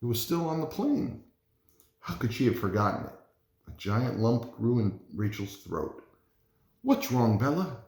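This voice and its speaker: A man, a parent, reading a children's storybook aloud in an expressive, animated way. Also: lowish voice, moderate pace. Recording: roomy echo.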